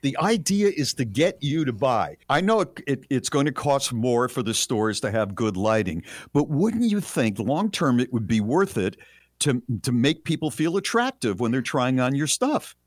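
A man's voice: medium pitch, big pitch swings, moderate pace, no room sound, studio quality. A man co-hosting a radio show, chatting casually and reacting expressively with questions. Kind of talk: casual chat.

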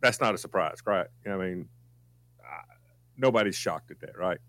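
A male morning radio host telling a funny story in an animated way. His pitch swings widely and he laughs often. The studio sound is dry and close. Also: moderate pace, no echo. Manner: animated storyteller, laughs often, voice jumps high when excited.

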